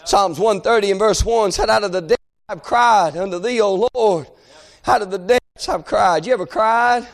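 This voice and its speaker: A man preaching a fervent revival sermon to a congregation, often shouting and punctuating his points with amen and hey. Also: high voice, normal speed, vocal fry. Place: church service before a congregation.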